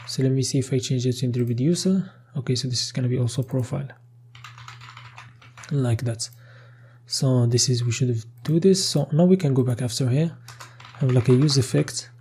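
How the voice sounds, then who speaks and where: A man's voice: mid-range voice, moderate pace, dark tone, a little hiss or hum. A man talking through a coding tutorial as he types, thinking aloud with frequent "okay" and casual restarts, with keyboard typing behind him. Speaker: programming tutor. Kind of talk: screen-recorded coding tutorial.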